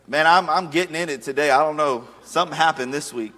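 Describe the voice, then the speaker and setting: A man's voice: fairly high pitch, fast, few pauses, bright, forceful tone. A man in his thirties preaching a sermon as a pastor, conversational and humorous, slipping into acted asides. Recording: long reverb of a large hall.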